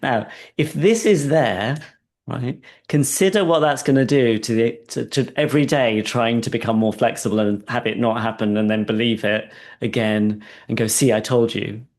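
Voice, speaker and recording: A man with a gravelly, creaky voice leads a client through a coaching session in a slow, soft, guiding tone. He keeps checking in with short questions and laughs lightly between points. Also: medium pitch. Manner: calm and soft-spoken in guidance, animated when telling stories.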